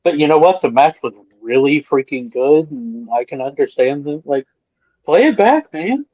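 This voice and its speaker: A man's voice: fairly high pitch, lively intonation, moderate pace, darkish tone, dull audio. A man on a round-table panel, talking as an eager, opinionated fan in casual chat.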